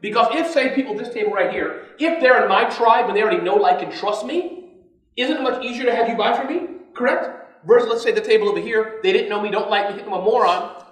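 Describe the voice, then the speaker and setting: Energetic man speaking in an echoey hall. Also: sits high, fast. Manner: energetic, keeps quizzing the audience. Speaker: conference speaker. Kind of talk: motivational business talk. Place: conference hall. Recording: echoey hall, distant mic.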